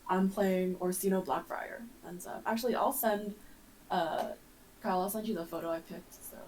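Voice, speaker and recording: A woman's voice: mid-range voice, normal speed, darkish tone, slight background noise. A woman in her twenties from California, a university student, introducing herself in a hesitant way with many ums. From California, United States. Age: 20s. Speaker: university student and game player. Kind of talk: casual self-introduction.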